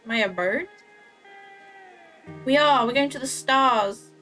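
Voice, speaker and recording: A young woman streams a game and keeps up a loose, self-mocking patter with her viewers. Her voice sits a little high and she takes her time. Soft game music plays underneath. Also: slow. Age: young adult. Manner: chatty, self-mocking, talks to herself and chat while playing. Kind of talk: casual gameplay commentary.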